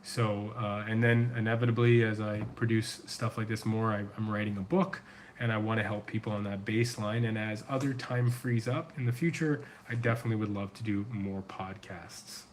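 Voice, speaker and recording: A middle-aged man, a men's coach, hosts a casual livestream, answering viewer questions with a sore throat. His lowish voice is steady at normal speed, with a little hiss or hum, and he's earnest, loose, and rambling with many fillers.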